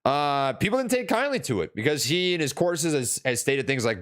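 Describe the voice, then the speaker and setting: A man's voice: medium pitch, very animated, brisk, hardly any pauses, a bit bright. A young man from Minnesota, casually chatting on a live stream about stocks, rambling with many fillers and restarts while answering chat.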